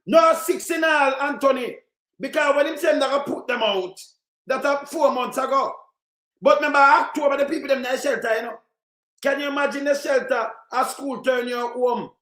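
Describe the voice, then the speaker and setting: A Jamaican man in heated live commentary, ranting and shouting in patois, circling back to the same complaints. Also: very high-pitched, normal speed, echoey room. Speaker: livestream commentator.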